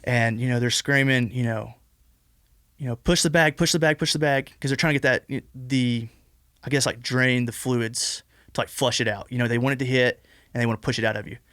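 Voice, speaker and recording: Delivery is flat and brisk from this mid-range, fairly bright male voice, captured dry in clean studio sound. The speaker is a podcast guest in his twenties telling a long personal story in a rambling, casual manner, full of "like" and restarts.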